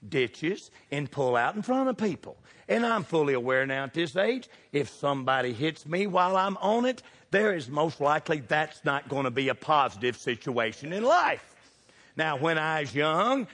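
A middle-aged man preaching a sermon, animated and throwing questions at the congregation. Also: a little high, normal speed, big-room sound. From United States.

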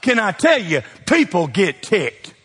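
A man preaching a sermon, folksy and emphatic, dropping low and rising to shouts. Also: big pitch swings, measured pace, breathy edge. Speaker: pastor.

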